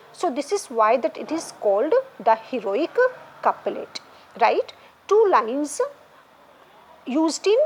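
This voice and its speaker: High, lively woman lecturing slowly. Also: poor audio. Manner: repetitive, explanatory, checks in with "right?" and "okay?". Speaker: English literature lecturer. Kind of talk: classroom lecture.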